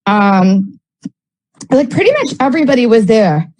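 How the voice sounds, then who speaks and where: A woman's voice: a little high, sing-song, measured pace, darkish tone, poor audio. A woman in casual storytelling, rambling with lots of filler words and blunt, frequent swearing. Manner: rambling, heavy use of "like" fillers.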